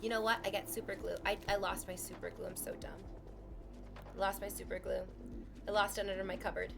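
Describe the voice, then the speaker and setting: A woman's voice: medium pitch, flat delivery, brisk, gravelly, music in the background. A woman streaming from home, chatting casually with her viewers in a sarcastic, teasing way and swearing freely.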